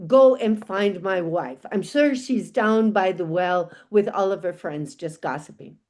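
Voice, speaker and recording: A woman's voice: mid-range voice, unhurried, darkish tone, lightly acted. Folk-tale figure: a bossy, grumpy dead man, put on by a woman storyteller, scolding and impatient. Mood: grumbling.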